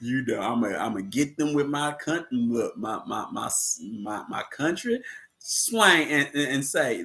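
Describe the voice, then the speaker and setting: A man's voice: mid-range voice, lively intonation, unhurried, pushed and bright. A man hosting a casual movie talk, laughing often and repeating words as he talks to his audience. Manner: talks to the audience with "you know what I'm saying". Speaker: host of a movie discussion class. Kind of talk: casual chat.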